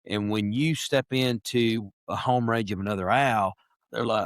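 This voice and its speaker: Animated man telling hunting stories. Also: on the low side, unhurried, no echo, studio quality. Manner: animated storyteller, imitates owl calls. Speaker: podcast guest, wildlife biologist. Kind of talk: casual interview chat.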